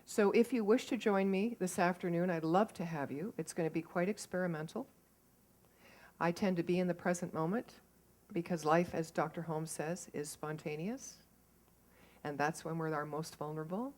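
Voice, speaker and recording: Woman, lower-pitched voice, spiritual service, guided affirmation, chatty asides. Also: a little mellow. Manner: chatty, lightly humorous asides. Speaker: spiritual practitioner leading an affirmation.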